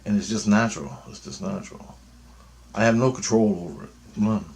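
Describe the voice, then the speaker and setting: A man in his fifties with a somewhat low voice, rambling on in a loose spoken monologue. He talks bluntly and swears freely, jumping from one thought to the next. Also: brisk, gravelly, darkish tone. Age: 50s. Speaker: vlogger.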